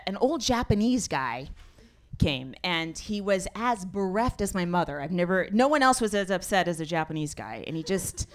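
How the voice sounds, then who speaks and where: A middle-aged woman performing a stand-up comedy set, deadpan and punchy, building to loud exasperated outbursts. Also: mid-range voice. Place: comedy stage before a laughing audience. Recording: live audience laughter throughout.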